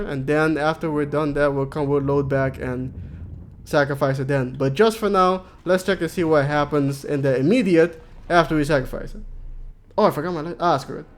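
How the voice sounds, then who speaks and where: A man chatting casually on a game stream, rambling and joking and reading out chat messages. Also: fairly high pitch. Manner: rambling, jokey, reads chat aloud.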